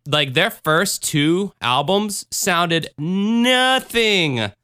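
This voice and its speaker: Male podcast host, rambling and sardonic, slightly high and crisp, close and dry. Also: lively intonation, extremely slow, pushed and bright, no room sound. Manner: rambling, sarcastic and profane. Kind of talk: casual podcast chat.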